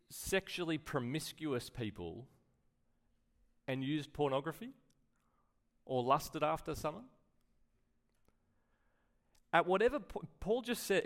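A man preaching a sermon in a conversational way, full of rhetorical questions and acted-out quotes. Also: a little high. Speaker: pastor.

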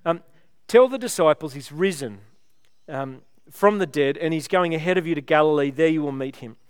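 A man's voice: on the high side, moderate pace, clean tone, no echo. A man preaching a sermon, retelling a story with rhetorical questions in a conversational way.

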